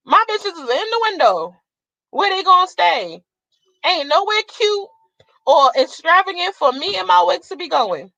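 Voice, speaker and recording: Blunt profane woman ranting, high bright voice. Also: animated, moderate pace, vocal fry, dry recording, dull audio. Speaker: vlogger. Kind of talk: casual ranting monologue.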